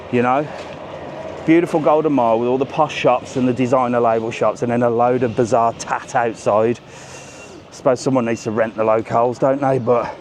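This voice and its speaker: A man's voice: mid-range voice, darkish tone. A man doing a casual, cheeky live walking vlog, chatting straight to his viewers and reading out their messages as he goes. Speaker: travel vlogger on a live walking stream. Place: outdoors on resort streets. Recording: faint outdoor street noise. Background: faint street and traffic noise.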